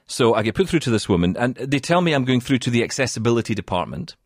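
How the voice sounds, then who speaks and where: A man from the UK co-hosting a podcast in casual chat, telling a story in an animated way and often laughing. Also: medium pitch, fast, no room sound, studio quality. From United Kingdom. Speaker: podcast co-host.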